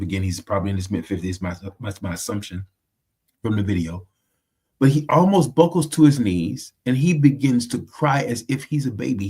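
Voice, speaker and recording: A man's voice: medium pitch, darkish tone, slightly rough. A man from the United States hosting a faith podcast, talking in an earnest, emphatic, preacherly way. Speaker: host.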